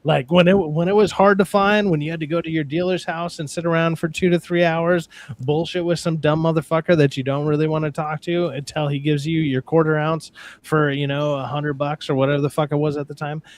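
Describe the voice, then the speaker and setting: A man's voice: a little high, flat delivery, brisk. A man co-hosting a livestream discussion, ranting in a frank, profane, long-winded way. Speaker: podcast co-host. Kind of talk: casual livestream chat.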